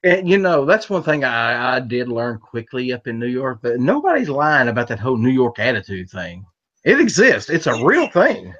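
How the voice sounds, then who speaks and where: A man's voice: mid-range voice, big pitch swings, moderate pace, fairly bright tone. A man hosting a casual chat, blunt and opinionated with grouchy humor. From American South. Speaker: host. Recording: dull lo-fi audio.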